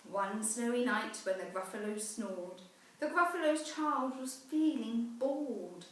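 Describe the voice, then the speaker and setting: Woman teacher reading a picture book aloud, slow and sing-song, echoey room, mic kinda far. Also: a little high, a little hiss or hum. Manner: slow, expressive rhythmic reading. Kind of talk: storybook read-aloud.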